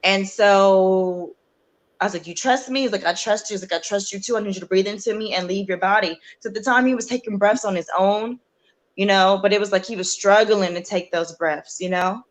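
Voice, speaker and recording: Young woman guest telling her story, halting, lots of ums and restarts, earnest. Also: medium pitch. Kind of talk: candid personal storytelling.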